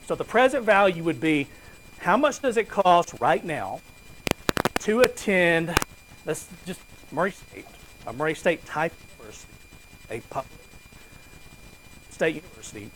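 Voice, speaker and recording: A man's voice: high voice, fairly bright tone, a little hiss or hum, poor audio. A man giving a conversational finance lecture to a class, asking students questions and joking with them.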